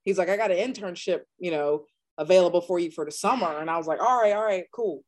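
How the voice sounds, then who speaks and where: Animated woman telling career stories. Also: fast talker. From North Carolina, USA. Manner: animated, acts out quoted dialogue with big pitch jumps. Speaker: strength and conditioning coach. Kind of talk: casual storytelling in an interview.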